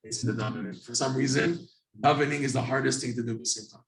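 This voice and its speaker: A man teaching a Torah class to a small group, animated and telling stories with acted-out asides. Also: medium pitch, quick pace, creaky, echoey room, a crowd in the background, rough recording. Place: classroom with a few listeners.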